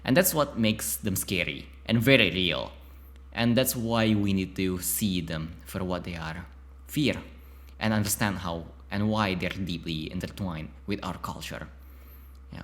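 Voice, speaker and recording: Low-voiced man reading a game aloud. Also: moderate pace, a bit bright. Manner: stumbles over words and breaks off into chatty self-talk. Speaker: YouTuber playing a narrative game. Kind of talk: reading game text aloud with casual asides.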